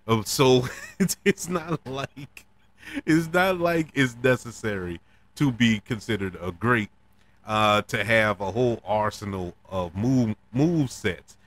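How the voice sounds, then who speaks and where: A man's voice: mid-range voice, slow. A man hosting a podcast, talking casually and emotionally about wrestling, laughing now and then. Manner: animated, emotional, laughs between words. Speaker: podcast host. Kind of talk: casual wrestling recap monologue.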